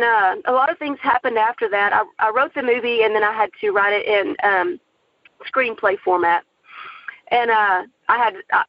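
A woman tells her story with earnest, animated conviction, her voice carrying a gravelly edge. The sound is close and dry, slightly dull and lo-fi. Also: a little high, dry recording. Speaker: aspiring filmmaker telling her story. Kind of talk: personal testimony.

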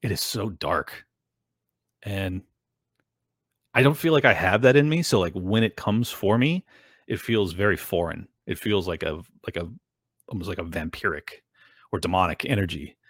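A man's voice: low voice, normal speed, long pauses, slightly rough, no room sound, clean studio sound. A man hosting his own show, talking earnestly and emotionally to his viewers in a rambling way, with many fillers. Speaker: show host. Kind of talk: casual monologue to viewers.

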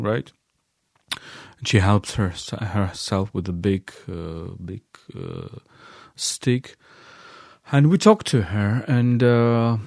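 Hesitant low-voiced man recounting a visit. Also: darkish tone, no room sound, studio quality. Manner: hesitant, many fillers and restarts. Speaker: guest recounting a field visit. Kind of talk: halting spoken account.

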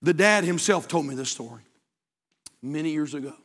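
A man preaching a sermon in a church, shouting at the peaks and dropping to a hushed voice for stories. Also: a little high, animated, moderate pace. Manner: impassioned, builds to shouts, then drops to a hushed storytelling voice. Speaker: pastor. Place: church sanctuary. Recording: long hall reverb.

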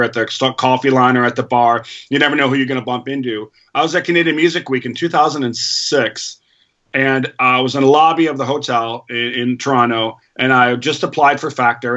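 Bright-voiced man telling animated stories. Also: medium pitch, lo-fi sound. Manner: animated storyteller acting out quoted dialogue. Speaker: guest, band manager. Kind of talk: casual conversational storytelling.

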